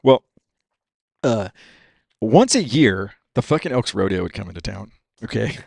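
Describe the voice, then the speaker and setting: A man in his fifties, a racer from California, telling stories on a podcast in a profane, animated way and saying "dude" all the time. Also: fairly low pitch, measured pace, gravelly, no echo, studio quality. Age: 50s. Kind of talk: casual storytelling.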